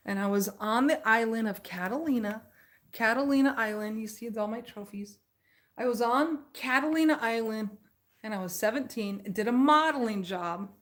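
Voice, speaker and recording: Chatty middle-aged woman, rambling host. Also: on the high side. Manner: rambling, animated, laughs often. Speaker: live stream host. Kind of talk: casual storytelling chat.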